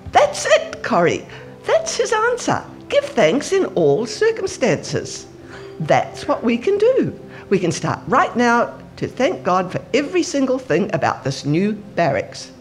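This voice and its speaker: A woman in church voicing a devout, excited woman prisoner who speaks in high, breathless, eager pleas. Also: a little slow, soft background music, full character voice.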